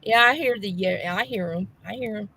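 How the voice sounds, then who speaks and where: Bright, gravelly-voiced woman hosting a live chat. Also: mid-range voice, moderate pace. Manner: chatty, jokey, scattered. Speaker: host. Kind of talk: casual live panel chat.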